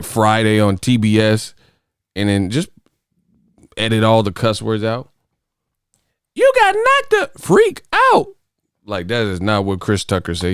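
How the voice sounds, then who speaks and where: A man hosts a boxing live stream, profane and joking. His voice is smooth and clear on a close, dry mic. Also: fairly low pitch, no echo. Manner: profane, laughing, animated rants. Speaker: boxing channel host. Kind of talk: casual live-stream chat.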